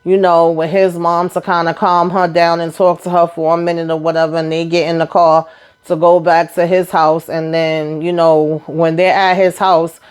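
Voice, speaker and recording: Host, female, lowish voice, slangy and animated casual recap delivery. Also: moderate pace, clean tone. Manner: slangy, animated storytelling with frequent asides.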